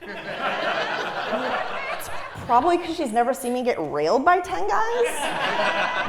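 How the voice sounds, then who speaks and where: Young woman from Los Angeles, stand-up comic, higher voice that swings widely, animated delivery that laughs through its own jokes. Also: a little slow, a crowd in the background. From Los Angeles, USA. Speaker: stand-up comedian. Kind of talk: stand-up comedy set. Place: comedy stage before a live audience.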